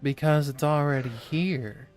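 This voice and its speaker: A man's voice: a little high, fairly even intonation, unhurried, a little mellow, faint music behind, natural voice. A man doing a Southern-drawling talking bird. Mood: folksy. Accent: American Southern. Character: talking bird on a carriage driver's shoulder.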